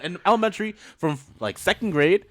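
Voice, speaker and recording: A man's voice: sits high, lively intonation, brisk, no echo. A young man hosting a podcast, telling school stories casually, swearing freely and laughing often. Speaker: podcast host. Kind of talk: casual storytelling chat.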